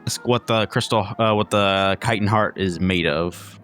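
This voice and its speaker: A low-voiced man at a tabletop game, asking careful questions and restating them. Faint music runs behind him. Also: unhurried, a bit bright. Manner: careful questions, rephrases himself. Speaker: player. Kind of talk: casual tabletop play.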